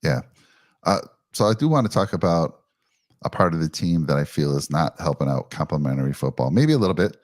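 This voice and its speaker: Deep voiced host guy, easygoing, asking the panel questions, dry sound. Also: lively intonation, brisk, a little mellow, no room sound. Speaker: podcast host. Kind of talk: casual sports chat.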